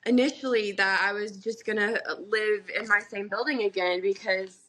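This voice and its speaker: A woman's voice: mid-range voice, steady tone, moderate pace, bright, forceful tone. A young woman co-hosting a casual podcast, telling a story in a heated way, full of swearing. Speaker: podcast co-host.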